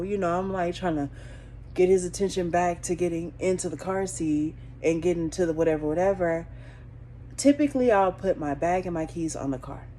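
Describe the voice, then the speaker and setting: A woman hosting her own show, telling a story in a casual way, lively, with sudden high bursts when she acts out her panic and hushed asides. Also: a little hiss or hum. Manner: animated, jumps into high excited voices when acting out her panic. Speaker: podcast host.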